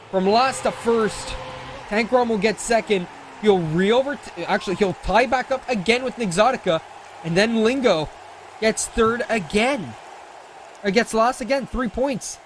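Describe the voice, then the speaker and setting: Guy doing racing esports play-by-play, high voice, jokey and hyped, loud engine noise behind. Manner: excitable, jokey, quick self-corrections. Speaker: esports caster. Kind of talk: play-by-play commentary.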